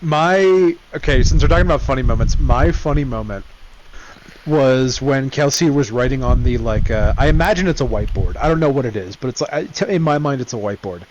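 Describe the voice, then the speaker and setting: A man co-hosting a podcast, talking enthusiastically about a book with quick asides and easy laughs. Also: mid-range voice, lively intonation, darkish tone, highs cut off, a little hiss or hum. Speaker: podcast co-host. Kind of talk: casual book discussion.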